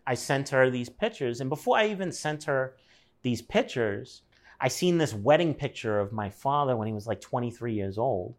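A man's voice: mid-range voice, expressive, moderate pace. A man telling a personal story in casual conversation, acting out the people he quotes and swearing now and then.

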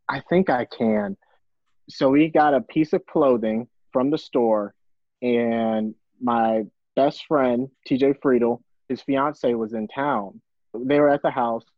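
A man's voice: mid-range voice, no echo, muffled recording. Laid-back young man telling a story. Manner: laughing storyteller, easygoing. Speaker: baseball player guest. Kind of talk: casual interview.

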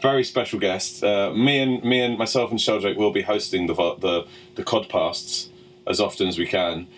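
A man's voice: on the low side, steady tone, normal speed, slight background noise, low-quality recording. A man hosting a podcast in casual chat, joking and swearing freely. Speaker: podcast host.

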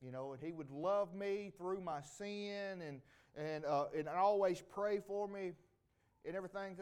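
Hombre sureño de mediana edad, testimonio en la iglesia, voz aguda, clara y resonante, habla campechana y divagante. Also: male voice, sits high, unhurried, a little mellow, clean tone. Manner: folksy, rambling, with many restarts. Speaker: church member giving a homecoming testimony. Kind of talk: homecoming testimony to a congregation. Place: church sanctuary.

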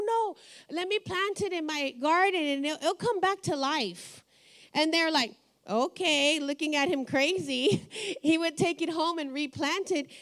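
A middle-aged woman pastor giving a sermon, telling personal stories and laughing often as she talks. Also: high voice. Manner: warm storytelling, laughs often.

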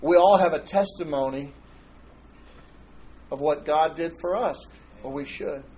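Chatty pastor, a man with a fairly high voice. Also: a little slow, a little mellow, rough recording. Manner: conversational and joking, tells anecdotes. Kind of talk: sermon.

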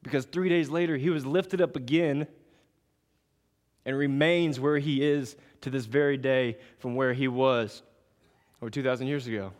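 Male preacher, sermon delivery, measured then emphatic, reverberant church hall. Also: mid-range voice, fairly even intonation. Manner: measured preaching that builds to raised emphatic passages. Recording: long reverb of a large hall.

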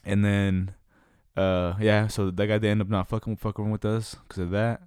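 A man's voice: lowish voice, little pitch movement, normal speed, darkish tone, clear, resonant tone, no room sound, studio quality. A young man rambling through a slangy, casual story and acting out the voices of the people in it. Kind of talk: casual chat. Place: Utah.

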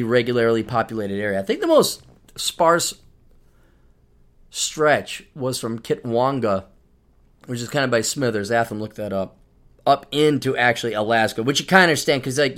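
A middle-aged man hosting a podcast, telling travel stories in a loose, rambling way and laughing as he goes. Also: medium pitch. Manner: rambling, animated storytelling with laughter. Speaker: podcast host. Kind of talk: casual monologue.

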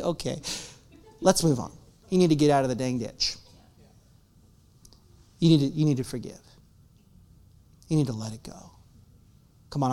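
A male pastor preaching a sermon with animated storytelling, swinging between loud bursts and hushed asides. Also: a little high.

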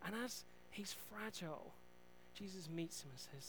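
A male preacher retells scripture scenes in a lively storytelling manner, breaking off for joking asides about himself. His voice is high for a man. A faint hum runs under the recording. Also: unhurried, low-quality recording. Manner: storytelling, animated, self-deprecating asides. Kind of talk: sermon.

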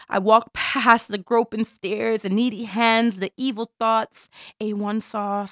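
A woman's voice: mid-range voice, fairly even intonation, a little slow, fairly bright tone, no room sound, clean studio sound. A woman from Jamaica performing an intense, theatrical spoken-word monologue.

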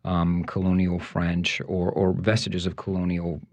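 Deep-voiced man explaining words. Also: completely flat delivery, measured pace, a little mellow. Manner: thoughtful, explanatory, many fillers and restarts. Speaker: guest, French language expert. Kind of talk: conversational explanation.

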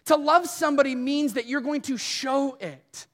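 A man's voice: extremely high pitch, normal speed, a bit bright. A man preaching a sermon as pastor, earnest and at times emphatic. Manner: earnest, rising to emphatic questions. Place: church hall. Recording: long hall reverb.

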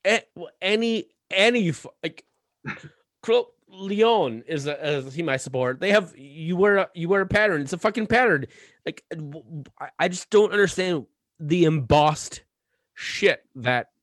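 A man's voice: on the high side, no echo, clean studio sound. A man co-hosting a podcast, rambling and cursing with many restarts as he rants. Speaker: podcast co-host. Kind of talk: casual podcast chat.

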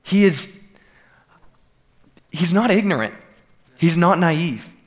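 Male pastor, slightly high voice, earnest sermon delivery with emphatic builds. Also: lively intonation, slow. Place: church sanctuary.

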